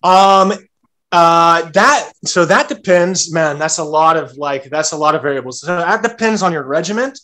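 A man's voice: fairly high pitch, expressive, normal speed, bright, forceful tone. A young American man on a podcast, casually rambling with frequent restarts and "like" fillers. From United States. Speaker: guest, serving legionnaire.

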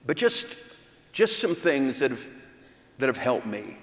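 A man giving a seminar talk at a church conference, speaking slowly and with self-deprecating humor. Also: medium pitch, big pitch swings. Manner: slow, unhurried delivery; self-deprecating, chuckles between points. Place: large hall at a church conference. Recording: echoey hall with long reverb.

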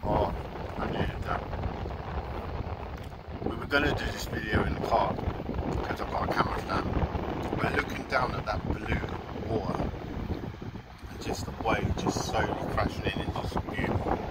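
A man's voice: on the low side, normal speed, very noisy. A man hosting a casual food review vlog outdoors on the coast, cheeky and joking. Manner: cheeky, joking, laughs a lot. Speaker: food vlogger host.

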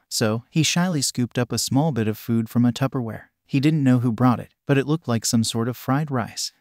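A man reading a story aloud as narrator, in an even, flat manner. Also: medium pitch, no echo, clean studio sound. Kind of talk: synthetic-sounding storytelling narration.

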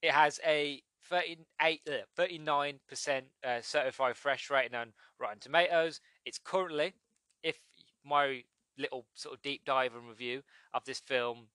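A man's voice: mid-range voice, moderate pace, bright, forceful tone, smooth, no echo. A man from the UK hosting a solo podcast in casual chat, rambling and correcting himself as he goes. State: recovering from a cold. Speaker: podcast host.

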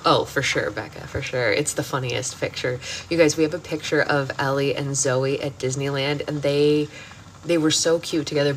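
A chatty woman with a low voice hosts a casual book club stream from home, laughing easily and leaning on "like" as she talks. The phone recording carries a steady air-conditioner hum behind her. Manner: chatty, laughing, lots of "like" fillers. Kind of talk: casual livestream chat. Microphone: phone livestream.

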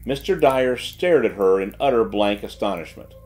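Measured male audiobook narrator. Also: on the low side, expressive, a little mellow. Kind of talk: scripted narration.

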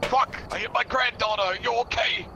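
A man voicing a crude, cranky old grandpa in game role-play, with a gravelly voice and a deadpan, mock-serious way of bickering. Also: very high-pitched, normal speed, noisy background.

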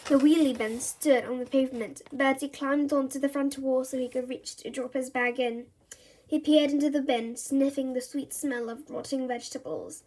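A woman reading a children's storybook aloud in an animated, expressive way. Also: high-pitched, moderate pace. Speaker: storybook reader.

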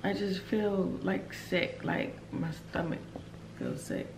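A woman's voice: mid-range voice, fairly even intonation, slow. Woman vlogger, nauseous after surgery. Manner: tired, talks softly about feeling sick. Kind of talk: casual vlog chat. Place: car, then at home. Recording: lo-fi phone audio with loud background noise.

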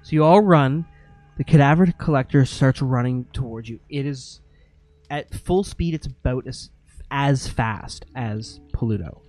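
A man's voice: mid-range voice, measured pace, a little mellow, dry recording, soft background music. A man running a tabletop game as game master, narrating vividly and mimicking sound effects.

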